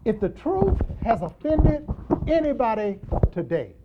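A man preaching a sermon in an animated, emphatic style, repeating lines and moving between loud and hushed delivery. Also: extremely high pitch, unhurried, muffled recording, noisy background. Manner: repetitive, emphatic call-and-response delivery.

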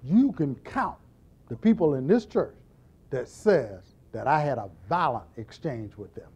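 In an unhurried, slightly rough mid-range voice, a middle-aged deacon delivers a funny Bible lesson. He's animated, playing out small scenes in quoted voices and laughing at his own jokes.

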